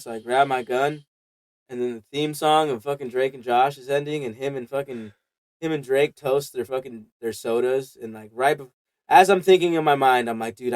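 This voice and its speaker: A man's voice: medium pitch, no echo. A man hosting a podcast, telling long rambling stories full of swearing in a casual chat. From Mexico. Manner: rambling profane storytelling. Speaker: podcast host.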